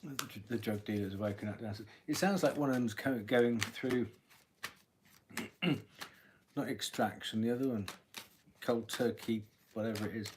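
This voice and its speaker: A man giving a live-stream tarot reading, thinking aloud as he draws cards and often clearing his throat. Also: mid-range voice, moderate pace, pauses often, background noise. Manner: musing aloud while drawing cards, frequent throat-clearing. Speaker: tarot reader.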